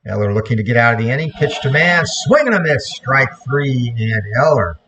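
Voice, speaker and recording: Man, play-by-play baseball caller, home desk mic, steady delivery, mid pitch. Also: brisk. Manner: steady play-by-play with self-corrections. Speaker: play-by-play commentator. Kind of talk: replay baseball commentary.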